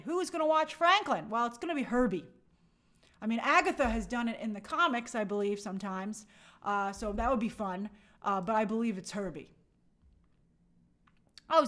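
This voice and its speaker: A woman's voice: on the high side, a bit bright. A woman hosting a live stream, casually reading out viewer comments and thinking aloud with frequent fillers. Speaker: host.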